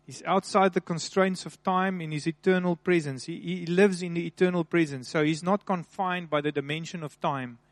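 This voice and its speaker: High-voiced man preaching, dry sound. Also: steady tone, dry recording. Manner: preaching with rising emphasis and repetition; slow, deliberate stressing of key phrases. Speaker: pastor. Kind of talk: sermon.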